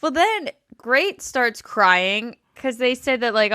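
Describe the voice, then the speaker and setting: Lively, bright-voiced woman podcaster. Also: on the high side, takes it slowly, clear, resonant tone, dry recording, clean studio sound. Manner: animated, acts out quotes of the cast. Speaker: podcast co-host. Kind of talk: casual chat recapping a reality show.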